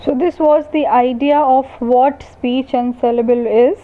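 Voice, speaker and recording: A woman university lecturer giving a recorded lecture, slowly and deliberately defining terms one by one. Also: high-pitched, fairly even intonation. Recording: tinny phone-like sound.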